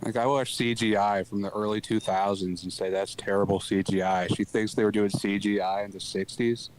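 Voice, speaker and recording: A man with a lowish voice chimes in on a casual live-stream talk show. He trades dry, sarcastic remarks with the others. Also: fairly even intonation, fairly quick, slight background noise, low-quality recording. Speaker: co-host.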